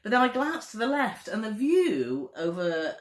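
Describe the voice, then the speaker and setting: A woman's voice: fairly high pitch, very animated, normal speed. A woman co-hosting a travel vlog in casual chat. She talks in a chatty, gushing way and keeps turning to her partner with tag questions. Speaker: travel vlogger co-host. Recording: roomy echo.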